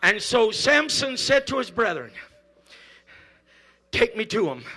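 A man preaching a Pentecostal sermon, moving from shouted calls to hushed storytelling, repeating phrases and speaking in tongues. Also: sing-song, unhurried. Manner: swings from shouted exhortation to low hushed storytelling. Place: church service.

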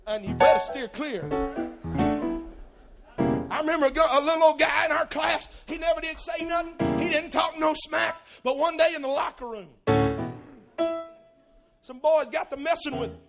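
A man preaching a sermon in a church, loud and gravelly, swinging from low asides to shouted lines.

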